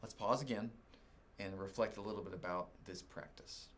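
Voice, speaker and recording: A middle-aged man from Oklahoma preaching, telling a personal story with animated swings and leaps up in pitch when exasperated. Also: normal speed, a little hiss or hum. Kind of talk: sermon storytelling.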